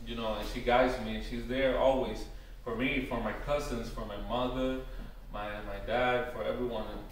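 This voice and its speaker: A man giving an informal workshop talk, hesitant and full of "um" and "you know", slowing down to spell out words. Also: mid-range voice, level tone. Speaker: workshop presenter on Taíno tradition. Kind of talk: informal teaching talk to a live group. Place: workshop room. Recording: very echoey room, far from the mic, faint noise.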